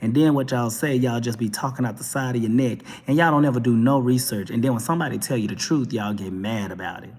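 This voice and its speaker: A Texan man hosting a talk show, delivering an animated, preachy monologue with mocking asides. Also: mid-range voice, quick pace, few pauses, breathy edge, big-room sound. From Texas. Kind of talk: opinionated monologue.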